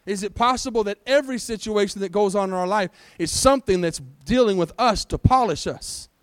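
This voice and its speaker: A man delivers a sermon in a church, his voice sitting high for a man. He presses his congregation with questions and calls for an answering amen. The sound is dry and close, with little room around it. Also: brisk, clean tone, no echo. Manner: preaching with rhetorical questions and call-and-response. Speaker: pastor. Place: church sanctuary.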